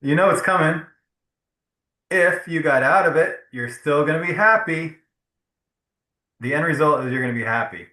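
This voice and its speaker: A man's voice: a little high, moderate pace, long pauses, bright, forceful tone. A man coaching a trader through his decisions, reassuring and asking leading questions. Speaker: trading coach. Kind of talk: casual trading chat. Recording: roomy echo.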